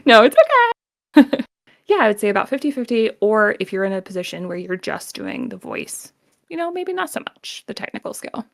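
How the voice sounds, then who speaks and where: Laughing, gravelly-voiced woman voice actor. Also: medium pitch, lively intonation, a little fast. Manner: chatty, laughs often, many "like" fillers. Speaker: guest voice actor. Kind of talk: casual interview chat.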